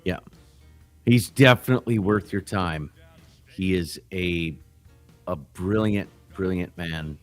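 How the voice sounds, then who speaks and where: A man's voice: deep voice, slow pace, pauses often, soft background music. A man hosting a casual livestream, talking loosely with restarts and swearing. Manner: rambling, loose and profane, restarts often. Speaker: livestream host. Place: backyard grill gazebo.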